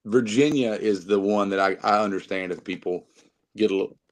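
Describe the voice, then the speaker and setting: A man's voice: on the low side, fairly quick. A man with a North Carolina Southern accent, chatting as a podcast guest and rambling with many fillers and restarts. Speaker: guest musician. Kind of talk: casual podcast chat.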